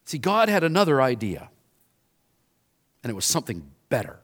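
A man preaching a sermon, retelling a scripture scene with animated storytelling and acting out the bystanders' voices. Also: mid-range voice, moderate pace. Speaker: pastor.

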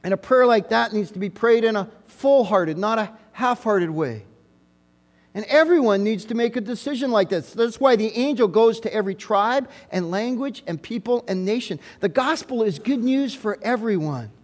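A man preaching in a church sanctuary, his voice pitched high for a man. He hammers each point home with short, repeated phrases. The sound rings out with a long reverb in the big room. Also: expressive, moderate pace. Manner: emphatic, repeats key phrases for emphasis. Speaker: pastor. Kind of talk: sermon.

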